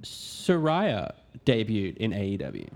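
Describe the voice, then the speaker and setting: A man's voice: lowish voice, slow pace, creaky. Teasing male podcast co-host. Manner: playful heckling, deadpan teasing. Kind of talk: casual podcast banter.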